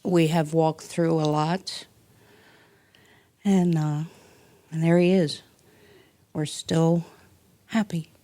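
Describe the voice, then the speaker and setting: Woman at a church mic, dry close sound, slow hesitant introduction with lots of ums. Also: deep voice, fairly even intonation, mellow, dry recording. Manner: halting, emotional, hesitant with many fillers. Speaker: speaker's wife introducing him. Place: church sanctuary.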